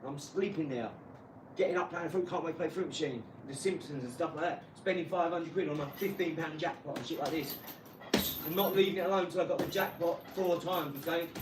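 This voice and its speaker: A blunt, boastful man rambles through a casual live-stream rant, his voice sitting a little high. He is recorded in an echoey garage, a good way off the mic, with a faint hum in the background. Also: a little fast, far from the mic.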